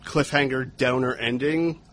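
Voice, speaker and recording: A man's voice: medium pitch, fairly even intonation, measured pace, fairly bright tone. A man with an average, mid-range voice walks through a movie's story beat by beat on a podcast. He swears casually and speaks plainly. Faint hiss sits behind his voice. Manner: plot-recapping, casually profane. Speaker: podcast co-host.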